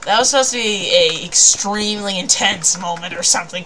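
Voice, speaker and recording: A woman's voice: medium pitch, a little fast, few pauses, pushed and bright, low-quality recording. A woman chatting casually while playing a game, giggly and rambling, often laughing at herself. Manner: giggly, rambling, self-deprecating. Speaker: gamer. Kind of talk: casual gameplay chat.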